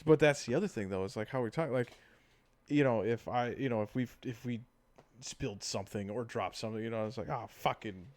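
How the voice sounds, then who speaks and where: A man in his thirties rambles through casual podcast chat. He swears freely and acts out bits of dialogue with lots of energy. His voice sits in a middle pitch, recorded close and dry with no room sound. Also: a little fast, dry recording. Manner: rambling, profane, animated storytelling with acted-out quotes. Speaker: podcast co-host.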